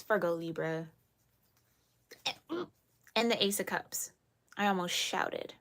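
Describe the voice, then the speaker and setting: A woman's voice: on the low side, slow, long pauses, fairly bright tone. A woman giving a spoken tarot reading to her viewers. She is earnest and emphatic, scolds playfully, repeats phrases to reassure and laughs often. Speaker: tarot reader.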